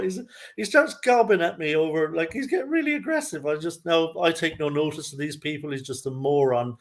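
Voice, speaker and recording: A man living in Ireland, telling a long story in a relaxed, chatty way as a guest. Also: fairly high pitch, fairly quick. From lives in Kerry, Ireland. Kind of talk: casual chat.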